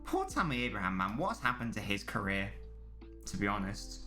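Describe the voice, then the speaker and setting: Bright-voiced chatty streamer. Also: male voice, on the low side, big pitch swings, moderate pace, soft background music. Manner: chatty, rambling, laughs at his own jokes. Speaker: streamer hosting a live football watchalong. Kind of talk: casual live-stream commentary, reading and answering chat.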